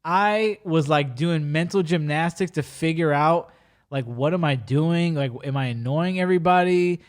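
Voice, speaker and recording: A man hosting a relaxed podcast chat, fond of slang and quick to cut himself off and start again. His voice sits a little higher than most men's. He tells anecdotes with lively energy. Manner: animated storyteller with slang and frequent self-interruptions. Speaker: podcast host.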